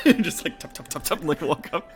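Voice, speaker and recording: Rambling, lively man running a tabletop game. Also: a little high, a little slow, faint music behind. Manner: casual and rambling, full of fillers. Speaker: game master.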